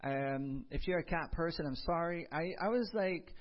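A man's voice: fairly high pitch, normal speed, highs cut off. A man preaching a sermon, telling a personal story with comic asides and building to emphatic preaching. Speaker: pastor.

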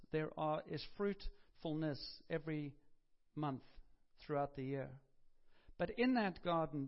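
Gravelly-voiced man preaching, lo-fi sound. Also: fairly high pitch. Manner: conversational, with humorous asides and self-corrections. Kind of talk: sermon. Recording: dull lo-fi recording.

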